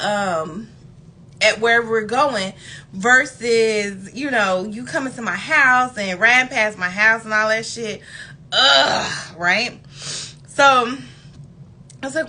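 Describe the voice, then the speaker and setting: A young woman who reads tarot, telling a story to her viewers in a casual, animated and profane way. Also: medium pitch, slight background noise. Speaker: tarot reader.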